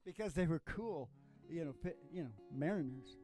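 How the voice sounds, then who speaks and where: A man's voice: a little high, lively intonation, moderate pace. A man hosting a live music stream, chatting casually and jokily between songs. He rambles and trails off mid-thought. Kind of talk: casual chat between songs, playing guitar. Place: warehouse performance space. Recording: loud acoustic guitar under the voice.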